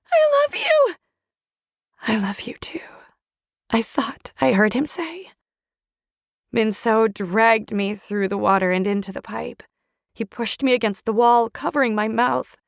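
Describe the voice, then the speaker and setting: Slow gravelly woman narrating dramatically. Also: on the high side, dry recording, clean studio sound. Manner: dramatic, emotional first-person reading. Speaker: audiobook narrator. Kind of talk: scripted narration.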